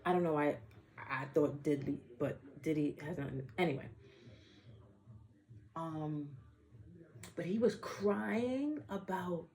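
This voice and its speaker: Brief: woman from the Bronx, lower voice, blunt and profane, rambling casual monologue. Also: slow pace, pauses often, a little mellow. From the Bronx, New York. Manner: blunt, profane, with playful asides and self-interruptions. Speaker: vlogger.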